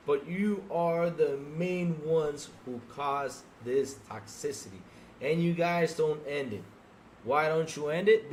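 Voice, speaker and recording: A man's voice: on the high side, slight background noise. A man co-hosting a gaming podcast, ranting heatedly and exasperatedly at his audience with rhetorical questions. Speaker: podcast co-host. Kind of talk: ranting livestream podcast talk.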